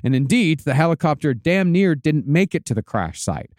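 A man's voice: on the high side, sing-song, normal speed, a little mellow, no room sound, studio quality. A man hosting a podcast, telling a story in a laid-back way, swearing casually and laughing often.

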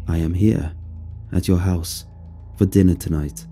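A man voicing another man who talks in a flat, robotic monotone in a spoken horror story. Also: low-pitched, measured pace, faint music behind, voice pushed down. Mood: flat, stiff.

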